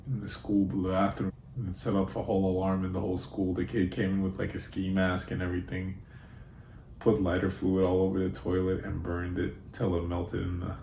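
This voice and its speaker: A young man telling personal stories in a relaxed, laid-back way, with frequent fillers. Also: sits low, slight background noise. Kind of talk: casual personal storytelling. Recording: roomy with faint ambience.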